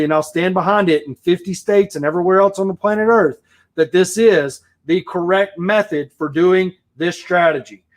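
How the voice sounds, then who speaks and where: A man, a real estate investor, giving a blunt, profane opinion rant to camera with emphatic repetition. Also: sits high.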